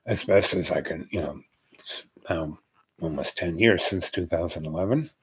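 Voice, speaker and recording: A man's voice: sits low, normal speed, breathy edge. An older man telling a casual, meandering story from his past, leaning on "you know" and other fillers as he talks. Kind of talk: casual rambling reminiscence.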